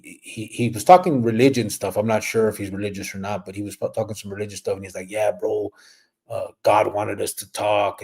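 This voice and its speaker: Man, middle-aged, dark warm tone, relaxed rambling livestream chat, spanish slang. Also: lowish voice, slightly rough. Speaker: livestream host. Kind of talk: casual livestream chat reading comments.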